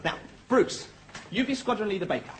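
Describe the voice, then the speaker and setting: An eager young recruit playing detective, animated and pleased with himself. His voice is high and very lively. A clear hiss from the old TV soundtrack carries through. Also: a little fast. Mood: explaining. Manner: animated, self-satisfied. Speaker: RAF trainee. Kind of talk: 1980s TV sitcom acting.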